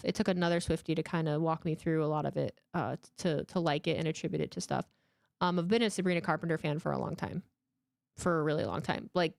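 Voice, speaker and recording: Here a woman in her 30s runs a watchalong stream live from home, her chat lively and emotional, full of swearing and restarted sentences. She has a deep voice with vocal fry, recorded at studio quality with no room sound.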